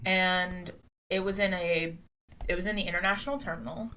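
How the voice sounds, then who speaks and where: A woman's voice: lowish voice, moderate pace, a little hiss or hum. A woman co-hosting a podcast, telling a rambling travel story in casual chat with lots of "like"s. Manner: rambling animated storytelling, many "like"s. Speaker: podcast co-host.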